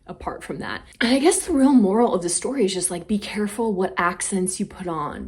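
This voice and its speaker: A woman's voice: fairly low pitch, darkish tone. A woman hosting a casual commentary vlog, chatty and playfully dramatic. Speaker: vlog host.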